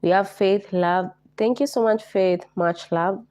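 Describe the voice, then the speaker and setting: Hoarse Kenyan woman hosting a livestream. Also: medium pitch, a little slow, a little mellow. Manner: repeats herself, greets viewers by name. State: hoarse from a flu. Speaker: livestream host. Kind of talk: casual livestream chat.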